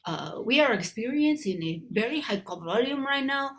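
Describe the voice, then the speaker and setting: A woman imitating an automated phone-line message in a flat, formal put-on voice. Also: a little high, moderate pace, lightly acted. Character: recorded phone-line announcement voice. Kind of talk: stand-up comedy.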